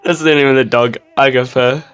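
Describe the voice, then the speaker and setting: A man's voice: medium pitch, fairly even intonation, brisk, a bit bright, smooth. A man playing a tabletop game, jokey and full of banter. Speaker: player. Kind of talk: in-character tabletop chat.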